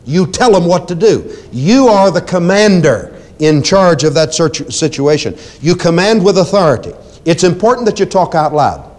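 A male preacher with a somewhat high voice delivers an emphatic sermon. He swings between loud, forceful commands and quieter asides, repeating his phrases for emphasis. He speaks directly to his congregation. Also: lively intonation, normal speed, few pauses. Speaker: preacher teaching deliverance ministry.

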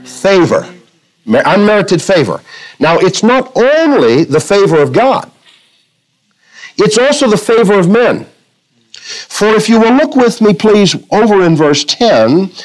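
A man preaching from the pulpit, his voice a touch higher than most men's. He tells stories, then slows to read scripture, stretching the key words for emphasis. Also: rough recording. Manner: preaching with illustrations, quoting scripture, varying pace. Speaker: pastor. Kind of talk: sermon.

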